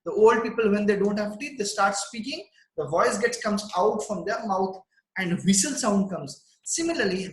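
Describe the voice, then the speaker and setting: A man teaching, reading a story line by line and explaining it in simple English, with an animated delivery. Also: high voice, reverberant, low-quality recording. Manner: animated, reads text aloud then explains in simple English. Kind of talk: line-by-line literature lesson.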